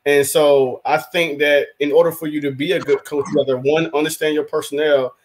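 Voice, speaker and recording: Fairly high-voiced sports talk man. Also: brisk. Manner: rambling, animated, acts out quotes. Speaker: podcast co-host, rival team's fan.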